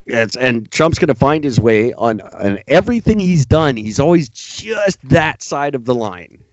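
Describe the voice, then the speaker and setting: A man's voice: mid-range voice, sing-song, unhurried, no room sound. A man rants sarcastically through a casual podcast chat and now and then mocks people in put-on voices. His voice sounds very dry and close, with a slightly dull, muffled tone. He keeps it loose and conversational. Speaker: podcast co-host.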